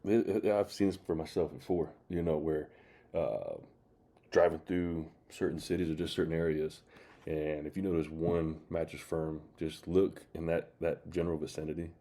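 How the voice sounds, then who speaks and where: A man's voice: very deep voice, steady tone, moderate pace, mellow. A man hosting his channel, rambling in casual commentary with many fillers. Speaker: channel host reacting to clips.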